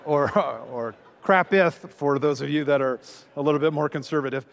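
A man's voice: on the high side, normal speed, in a large hall. A man speaking as a pastor, telling a story with self-deprecating humor and many fillers. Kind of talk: humorous teaching talk.

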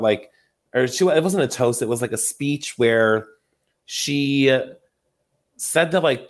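A man hosting a casual podcast, recapping reality TV gossip in an animated, laughing way with free swearing. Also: medium pitch. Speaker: podcast host.

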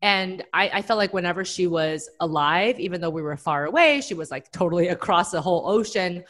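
A woman from Taiwan, a psychologist guest answering interview questions in a calm, explanatory and reflective way. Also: fairly low pitch, brisk.

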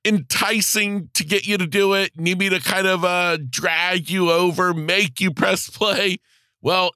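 A man's voice: on the high side, sharp tone, dry recording, studio quality. A male podcast host talking straight to his listeners in an earnest, encouraging, motivational way. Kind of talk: motivational solo podcast talk.

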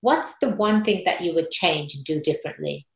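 A woman's voice: low voice, animated, normal speed, vocal fry. A woman hosting an interview show, upbeat and encouraging, recorded with a roomy echo. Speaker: host.

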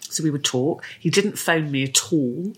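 A woman's voice: low voice, normal speed, slightly rough. A woman in her sixties, a podcast guest, chatting casually and telling stories, acting out the voices of the people she quotes. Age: 60s. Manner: animated storyteller, acts out quoted voices. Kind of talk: casual chat.

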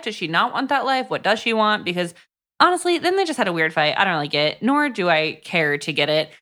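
Female co-host, mid-pitched, dry and offhand, casual. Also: a bit bright. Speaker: podcast co-host. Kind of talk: casual book review chat.

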